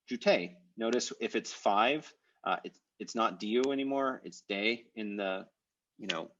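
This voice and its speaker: A man's voice: lowish voice, slightly rough, highs cut off. A man teaching a live online language class over a video call, explaining step by step with many "uh"s and "um"s. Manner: explanatory, with frequent "uh" and "um".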